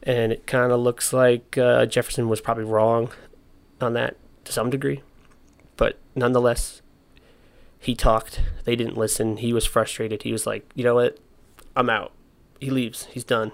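A man's voice: mid-range voice, level tone, normal speed, gravelly. A young man casually explaining history, with slangy, joking asides. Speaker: history presenter.

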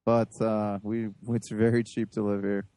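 A man's voice: fairly low pitch, level tone, unhurried, warm tone, smooth, no room sound. Laid-back man podcast host, dry sound. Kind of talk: casual chat.

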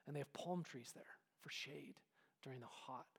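A man's voice: medium pitch, moderate pace, gravelly, a bit bright, breathy edge, in a large hall. A man preaching a sermon in a conversational way, often asking "right?" and sometimes dropping to a near whisper. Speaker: pastor.

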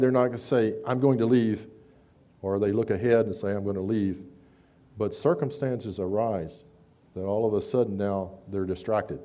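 Mellow low-voiced man preaching a sermon. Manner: conversational, rises loud when reading scripture, some stammered restarts.

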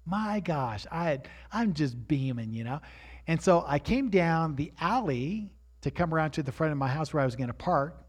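High-voiced animated male preacher. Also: moderate pace. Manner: animated storyteller, rising to shouts at high points.

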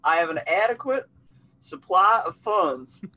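A man's voice: high voice, lively intonation, a little slow, pushed and bright. A man playing a tabletop role-playing game, talking in an earnest, mock-loyal way. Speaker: player. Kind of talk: casual tabletop role-play chat.

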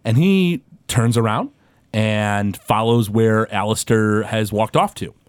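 A man narrating a tabletop game as game master, halting with many fillers. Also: on the low side, little pitch movement, smooth, no echo.

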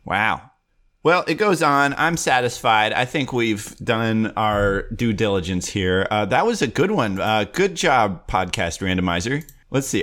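A man's voice: on the low side, unhurried. A young man hosting a solo podcast, chatting in a playful, jokey way. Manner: playful, animated, jokey asides. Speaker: podcast host. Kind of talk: solo comedic podcast chat.

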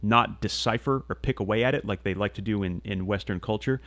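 This lowish, fairly bright male voice moves briskly with no room sound. He delivers an earnest, rambling podcast monologue, restarting often, leaning on fillers, and swearing casually.

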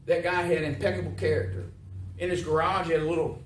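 A man's voice: on the high side, little pitch movement, quick pace. A man preaching a sermon in a folksy way, often asking his congregation questions. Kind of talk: sermon with call and response. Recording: echoey room, mic from far off, noisy.

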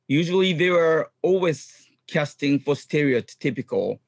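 A middle-aged man, a guest chatting in an interview in upbeat, halting English full of ums. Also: a little high, animated, creaky, no echo, clean studio sound. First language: Japanese. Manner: upbeat, frequent ums, non-native phrasing. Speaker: guest, clown comedian and actor. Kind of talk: casual interview chat.

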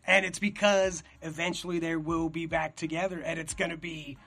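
A young man rambling in a casual, profane chat, getting excited as he talks. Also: fairly high pitch, normal speed, vocal fry.

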